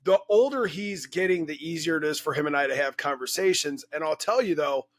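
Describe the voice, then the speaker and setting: A man's voice: on the high side, brisk. Blunt, swearing man in his forties hosting. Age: 40s. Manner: blunt, profane, conversational. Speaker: podcast host. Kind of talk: casual podcast interview.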